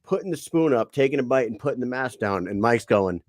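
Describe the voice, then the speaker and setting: A man hosting an interview podcast, telling stories in a lively, casual way. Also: medium pitch, a little fast, no room sound, studio quality. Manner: storytelling, animated. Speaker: podcast host.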